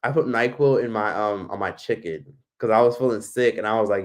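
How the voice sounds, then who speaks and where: A man hosting a relaxed livestream, answering viewer comments one after another. His voice sits on the low side but jumps up in excited bursts. He talks in a loose, expressive way and swears casually. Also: fairly quick, hardly any pauses. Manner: chatty, animated, swearing freely. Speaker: livestream host.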